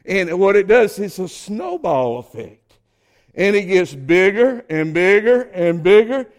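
An older Southern pastor from Georgia with a fairly high voice, preaching with strong swings from soft, low asides to loud, emphatic calls. His Georgia accent colors every line. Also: animated, a little slow. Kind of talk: sermon.

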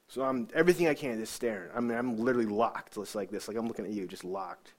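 A man giving an emotional personal testimony about his faith, earnest and halting, often repeating words as he searches for them. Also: on the low side. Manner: earnest, halting, repeats himself when moved. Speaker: speaker sharing a faith testimony.

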